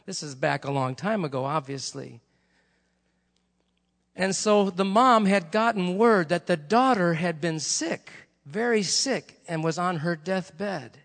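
Brief: male preacher, conversational storyteller, ringing bright tone, recorded with long hall reverb. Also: sits high, lively intonation, slow pace, gravelly. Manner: conversational storytelling, chatty asides. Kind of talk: sermon.

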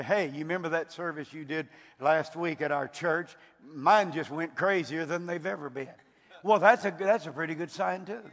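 A man's voice: fairly high pitch, a bit bright. An older man from Texas with a Texan accent, preaching a fervent sermon and often repeating his words. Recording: long hall reverb.

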